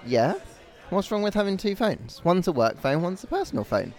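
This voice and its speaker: A man's voice: sits high, big pitch swings, normal speed, a little mellow. Easygoing man in casual bar chat. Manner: easygoing, good-natured. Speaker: podcast co-host. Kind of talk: casual banter.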